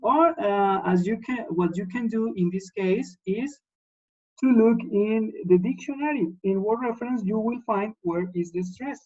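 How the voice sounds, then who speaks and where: A man teaching an English class online, explaining slowly and checking in with his students after nearly every sentence. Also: high voice, darkish tone, highs cut off. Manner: patient, repeats words and checks in with "yes?".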